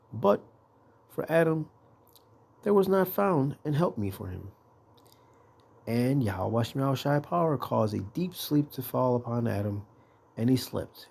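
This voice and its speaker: Husky, mellow Bible teacher man. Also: medium pitch. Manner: conversational, keeps checking in with "right?". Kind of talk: informal scripture teaching.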